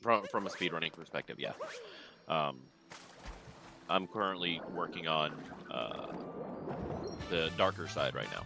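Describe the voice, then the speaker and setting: Deep-voiced laid-back commentator man. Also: animated, measured pace, gravelly, pauses often, over music. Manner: laid-back, hesitant, many ums and uhs. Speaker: speedrun race co-commentator. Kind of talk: live game commentary.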